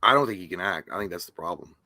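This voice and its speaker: A man's voice: sits low, lively intonation, very fast, sharp tone, dry recording. A man co-hosting a casual live-stream movie news show, making dry, crude jokes and laughing at them. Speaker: podcast co-host.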